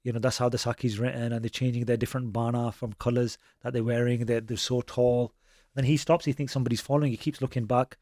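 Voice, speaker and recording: A man's voice: mid-range voice, flat delivery, quick pace, a little mellow, dry recording, clean studio sound. A man, a Sikh preacher telling stories in conversation and mixing Punjabi phrases into his with frequent restarts. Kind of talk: conversational storytelling.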